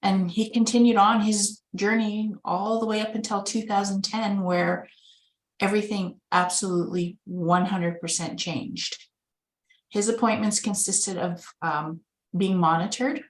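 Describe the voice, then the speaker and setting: A woman's voice: mid-range voice, steady tone, measured pace. A woman from Winnipeg, Canada, a caregiver and organ donation advocate, telling her own story over a video call in an earnest, conversational way and acting out remembered dialogue. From Winnipeg, Manitoba, Canada. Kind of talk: personal storytelling in a webinar. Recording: echoey room.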